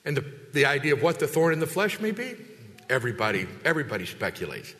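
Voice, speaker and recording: A man preaching a sermon as a pastor, lively and conversational, acting out quoted voices with big jumps in pitch. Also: quick pace. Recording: long hall reverb.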